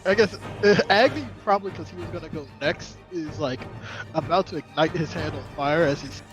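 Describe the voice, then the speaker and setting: High-voiced guy at the game table, hesitant, thinking out loud, music going behind. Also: a little fast. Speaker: player.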